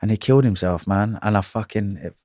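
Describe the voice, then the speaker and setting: A man in his thirties talks through hard prison memories in blunt, streetwise slang. His voice sits low, and he peppers it with swearing and "you know what I mean". The sound is close and dry, with no room echo. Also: a little fast, darkish tone. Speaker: guest telling prison stories. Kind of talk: casual interview chat.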